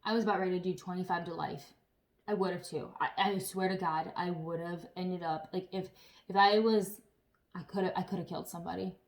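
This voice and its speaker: A woman's voice: fairly low pitch, a little fast. Chatty woman vlogging to camera. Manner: chatty, animated storyteller who swears. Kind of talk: casual chat to camera.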